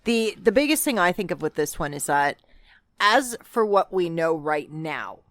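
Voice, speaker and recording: A woman's voice: fairly low pitch, big pitch swings, normal speed, fairly bright tone, no echo, studio quality. A woman co-hosting a casual true-crime podcast, earnest and thoughtful, often repeating words as she starts a sentence. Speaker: podcast co-host.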